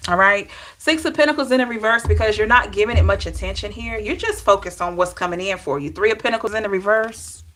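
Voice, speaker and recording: A woman's voice: mid-range voice, quick pace, hardly any pauses. A middle-aged woman with a Southern drawl giving a chatty live-stream tarot reading, laughing and greeting her viewers. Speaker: tarot reader.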